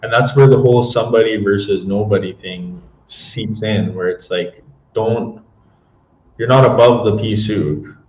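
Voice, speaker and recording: A man's voice: lowish voice, darkish tone, lo-fi sound. Young Canadian man, reflective, echoey room. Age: young adult. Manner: reflective, slows down to choose words. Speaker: guest author and coach. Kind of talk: casual podcast conversation.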